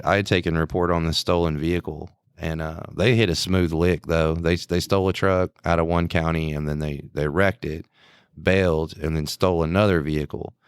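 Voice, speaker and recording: A man with a very low, deep voice, spinning a crude work story in casual podcast banter. He is laid-back and keeps chuckling along the way. The sound is close and dry, with no room echo. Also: clear, resonant tone. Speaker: police officer and podcast co-host. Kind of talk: casual chat.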